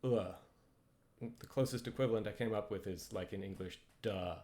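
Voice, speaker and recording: A man's voice: fairly low pitch, fast talker, dark tone. Hesitant man teaching with many ums. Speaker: language instructor. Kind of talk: casual lecture with slides.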